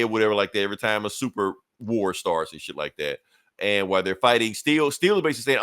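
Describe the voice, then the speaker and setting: A man's voice: lowish voice, animated, fairly bright tone, clear, resonant tone, no echo. A man hosting a comic book podcast, chatting loosely and swearing as he retells events. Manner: loose, profane storytelling with quick acted-out quotes. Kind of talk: casual chat.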